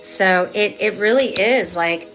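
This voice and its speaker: A woman's voice: medium pitch, slow, fairly bright tone, faint music behind. A woman giving a live-stream tarot reading in a chatty, emphatic, rambling way with many fillers. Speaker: tarot reader.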